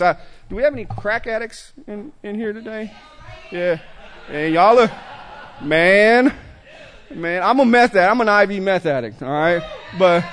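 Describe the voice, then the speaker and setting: A man's voice: high voice, fairly bright tone, slight background noise. A middle-aged man speaking casually to a recovery group, loose and conversational, with many stammered restarts and "man" tags. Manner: frequent restarts and stammered repeats. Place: meeting room with a group.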